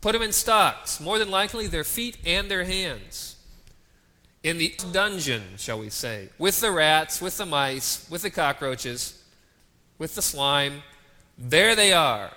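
A man's voice: fairly high pitch, expressive, slow, sharp tone. A man preaching a sermon, dramatic and full of rhetorical questions to the congregation. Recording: long reverb of a large hall.

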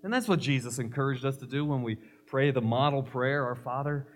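A man's voice: medium pitch, fairly quick. A male pastor preaching a sermon, emphatic, mixing scripture with humorous stories.

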